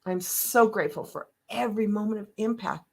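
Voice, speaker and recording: An older woman with a mid-range voice hosts a live motivational talk. She tells stories with animated, emotional energy and laughs often between her lines. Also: medium pitch, fairly quick, vocal fry, husky. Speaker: host.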